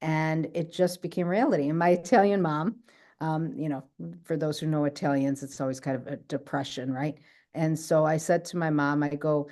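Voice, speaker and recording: A woman's voice: low voice, fairly even intonation, normal speed, a little mellow. A woman telling her own healing story in a chatty way, often checking in with the listener. She is speaking on a video call. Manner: chatty, keeps checking in with "right?". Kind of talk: casual talk on a video call.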